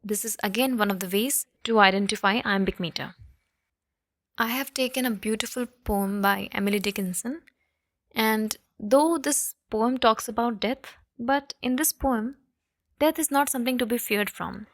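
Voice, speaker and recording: Indian woman teaching, slightly high voice. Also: moderate pace, fairly bright tone, no room sound, studio quality. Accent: Indian English. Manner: explains step by step, keeps checking in with "okay?" and "right?"; switches between English and Hindi. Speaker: literature teacher. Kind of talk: classroom lecture.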